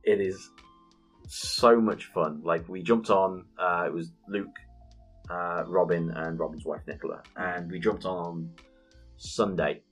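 Husky man telling a gaming story. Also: deep voice, measured pace, soft background music. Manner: animated storytelling, swears freely, laughs often. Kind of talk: casual gaming chat.

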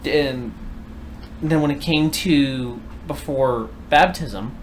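A man's voice: medium pitch, slow, slight background noise. A man in casual podcast chat, earnestly recounting a personal search and questioning things.

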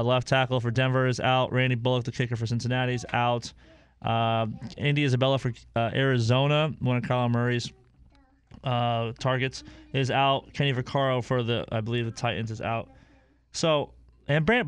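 A man hosting a casual sports radio show, jokey and rambling with quick restarts. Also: medium pitch, clear, resonant tone.

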